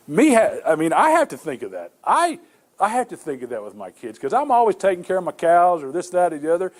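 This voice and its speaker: A man's voice: sits high, huge pitch swings, fast. A middle-aged male pastor preaching a sermon, telling stories earnestly with many repeated restarts.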